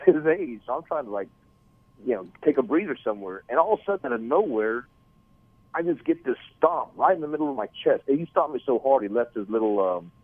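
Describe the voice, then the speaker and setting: A middle-aged man with a Texan accent, a wrestling promoter telling animated stories in a phone interview, repeating words as he goes. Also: medium pitch, no echo. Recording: tinny dry phone line.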